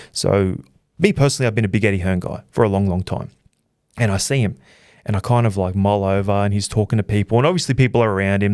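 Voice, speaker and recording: Low, excitable Australian boxing vlogger. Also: male voice, no echo, studio quality. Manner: excitable, rambling, self-deprecating. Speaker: boxing channel host. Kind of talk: casual storytelling recap.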